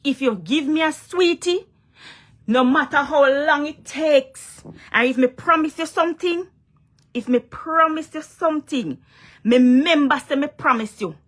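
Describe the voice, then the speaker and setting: A young Jamaican woman vlogging in a loose, emphatic way, circling back to her points and pressing the listener with questions. Her voice sits somewhat high for a woman. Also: a little slow, a bit bright. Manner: emphatic, repeats herself, asks "you understand?". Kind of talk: casual direct-to-camera vlog rant.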